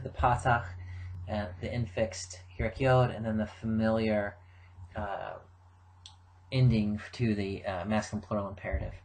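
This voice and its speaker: A middle-aged man giving a recorded grammar lecture, explaining forms in a measured way with frequent fillers. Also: lowish voice, low-quality recording. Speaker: Biblical Hebrew teacher.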